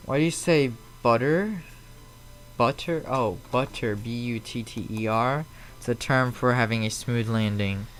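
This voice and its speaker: A man's voice: mid-range voice, measured pace, a bit bright, a little hiss or hum. Man chatting casually on a live stream. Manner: rambling, answers chat messages aloud. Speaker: flight sim live streamer. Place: at home.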